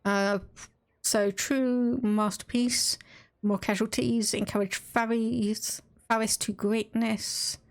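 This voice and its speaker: A woman's voice: fairly high pitch, little pitch movement, slow, vocal fry. A woman with an Estuary English accent from England, chatting casually and laughing as she streams a strategy game and reads game text aloud. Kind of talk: casual live-stream gameplay commentary.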